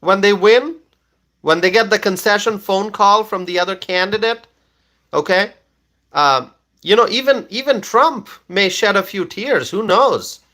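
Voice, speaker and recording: A man's voice: high voice, a little slow, sharp tone. A man hosting a political livestream and reading out viewer comments. He is emphatic, repeats himself, and keeps checking in with "okay?".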